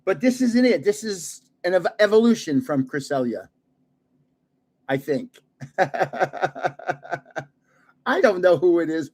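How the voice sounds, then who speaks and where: Older guy chatting on his live stream, chuckles a lot, kinda higher voice, pokes fun at himself. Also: expressive, slow, long pauses, a little mellow, slightly rough. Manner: chatty, chuckling, self-deprecating guesses. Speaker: card-collecting livestream host. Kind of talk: casual live chat while opening card packs.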